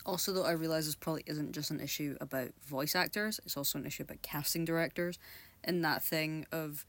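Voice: mid-range voice, fairly even intonation, fairly quick, fairly bright tone. A person with a Scottish accent, ranting casually to camera, exasperated and hesitant, with many fillers. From Scotland. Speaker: vlogger.

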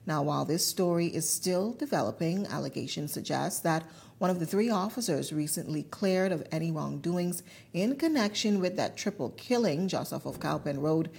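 News lady reading a story, low gravelly voice, a bit husky. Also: a little mellow. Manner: measured, formal. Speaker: news anchor.

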